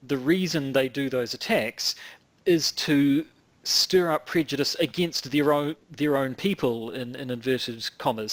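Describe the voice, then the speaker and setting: A man's voice: mid-range voice, a bit bright, no echo. Rambling male podcast co-host, dry sound. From New Zealand. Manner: rambling, frequent restarts and fillers. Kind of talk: casual podcast chat.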